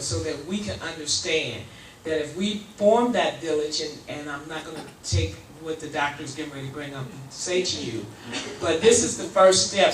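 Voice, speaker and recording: A woman who leads a foundation, giving informal and heartfelt welcoming remarks at a town hall. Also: sits low. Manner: heartfelt, informal, a little breathless. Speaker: foundation president welcoming the audience. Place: community meeting hall. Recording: roomy hall, far from mic, faint noise.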